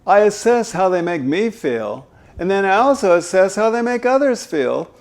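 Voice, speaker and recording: A man's voice: fairly high pitch, a little mellow. A man working as a voice coach, giving an instructional talk and demonstrating voice faults with emphatic delivery.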